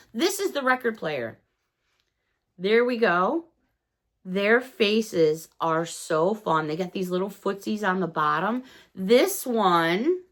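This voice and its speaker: Woman, gushing, chatty, bright, casual unboxing talk. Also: on the high side. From Chicago, USA. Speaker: haul vlogger.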